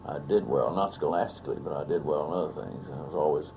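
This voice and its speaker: A man's voice: very deep voice, fast, dark tone, poor audio. An older man from Texas telling family anecdotes in an oral history interview, in a relishing, raconteur's manner. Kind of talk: storytelling interview. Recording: archival audio with faint hiss.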